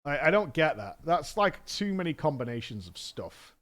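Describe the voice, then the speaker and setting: A man's voice: a little high, very animated, moderate pace, a bit bright. A man in his thirties, a streamer rambling in casual chat, reading out a menu with frank asides and the odd swear. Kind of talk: casual chat while gaming.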